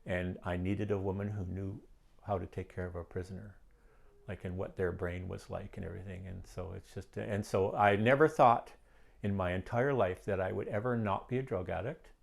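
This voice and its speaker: Low gravelly man telling his story. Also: fairly even intonation, moderate pace. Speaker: guest telling his testimony. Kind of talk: candid storytelling.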